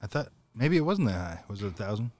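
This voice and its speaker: A man's voice: fairly low pitch, big pitch swings, quick pace, darkish tone, no room sound. A man co-hosting a casual podcast, asking questions and cracking profane jokes. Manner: joking, asks questions, swears casually. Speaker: podcast co-host. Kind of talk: casual chat.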